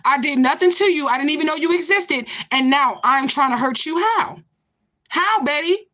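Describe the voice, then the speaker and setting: High, bright-voiced woman ranting at a troll. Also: fairly quick. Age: 40s. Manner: confrontational, profane, repetitive. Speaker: vlogger. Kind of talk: ranting to camera.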